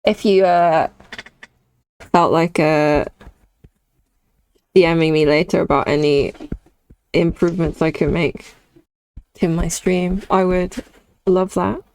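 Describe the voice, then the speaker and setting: A woman's voice: fairly low pitch, fairly even intonation, slow, pauses often, a little mellow, clean tone. A young British woman chatting casually with her viewers while drawing on stream, reading chat and laughing often. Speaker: artist streamer.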